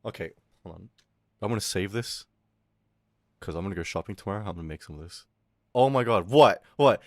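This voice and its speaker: Male streamer, animated pitch, dry close-mic sound, rowdy chat reading. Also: fairly quick, long pauses, no room sound. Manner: loud, swearing, swings from yelling to low mutters. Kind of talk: casual livestream chat with viewers.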